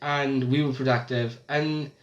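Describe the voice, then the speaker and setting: A man's voice: mid-range voice, fairly even intonation, unhurried, highs cut off. A young man in casual vlog chat, joking in a dry, self-deprecating way. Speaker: vlogger. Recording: echoey room.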